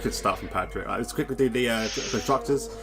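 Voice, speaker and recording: Over background music, a man with a medium-pitched voice speaks quickly as he hosts live esports sim-racing commentary. He's chatty and rambling, reading out the standings and tossing in self-deprecating asides.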